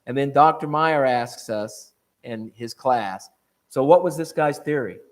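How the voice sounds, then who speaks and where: Animated man preaching to a church. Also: mid-range voice, measured pace. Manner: animated, repeats and restarts, asks the room questions. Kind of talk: church evening talk.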